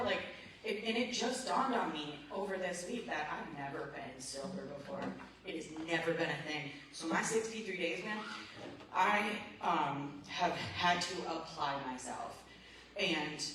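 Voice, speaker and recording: A woman sharing her recovery story at a support meeting, emotional and rambling with lots of "like" and "man". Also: fairly low pitch. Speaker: recovery group member. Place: meeting room. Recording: very echoey room, voice far from the mic, background noise.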